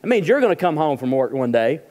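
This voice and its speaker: A man's voice: a little high, sing-song, quick pace, a little mellow, long reverb tail. A male pastor preaching a humorous, conversational sermon in a church. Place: church auditorium.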